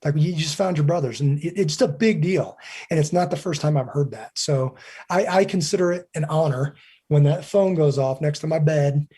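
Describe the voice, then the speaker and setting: A man's voice: on the high side, moderate pace, warm tone, slightly rough. A man in his forties, a podcast guest, telling earnest stories in casual conversation and acting out the dialogue. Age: 40s. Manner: earnest storyteller who acts out quoted dialogue.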